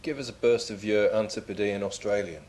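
A man's voice: fairly low pitch, steady tone, a little fast, a little mellow, breathy edge. A man co-hosting a comedy podcast, reading out quiz questions in a dry, teasing way. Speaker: podcast co-host, quizmaster. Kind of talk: casual comedic podcast chat.

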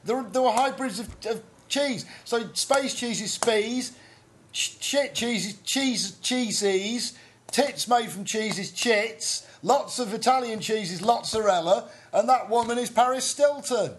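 A man's voice: very high voice, unhurried, slight background noise. A man playing quizmaster in a comedy quiz, flustered and teasing as he reads out clues. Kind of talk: mock quiz show banter.

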